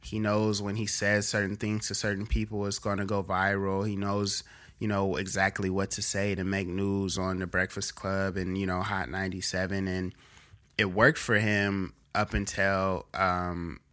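Low, rambling young man musing. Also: monotone, moderate pace, fairly bright tone. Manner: rambling, many fillers and restarts, reflective. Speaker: podcast co-host. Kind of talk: casual chat.

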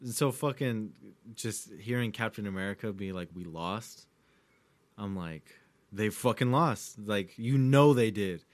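A man's voice: on the low side, normal speed. A man in casual, profane chat, laid-back and reminiscing about a movie.

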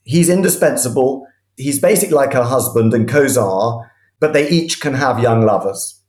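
A man telling history as an animated, enthusiastic storyteller, often restarting his sentences. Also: mid-range voice, moderate pace, reverberant. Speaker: historian guest.

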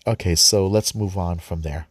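A man's voice: low-pitched, normal speed, husky, no echo, clean studio sound. A man giving informal scripture commentary, earnest, often repeating words and restarting sentences. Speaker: Bible study host.

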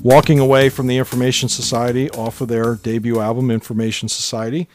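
A man's voice: mid-range voice, flat delivery, a little fast, a little mellow. Chatty man with music playing beneath. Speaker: podcast co-host. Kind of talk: casual chat about 1980s pop hits. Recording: music playing under the talk.

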